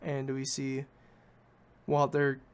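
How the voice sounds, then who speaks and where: A man's voice: medium pitch, completely flat delivery, takes it slowly, smooth. A man hosting a podcast, recapping a film in a rambling, casual way and often correcting himself. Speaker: podcast host.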